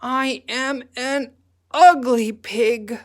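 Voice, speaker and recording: A gloomy storybook pig who thinks he's ugly, dragging out each word in a low, heavy voice, played by a woman. He sounds sorry for himself, but gently so, the way a picture book reads aloud. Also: steady tone, very slow. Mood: mournful. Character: sad self-doubting male pig.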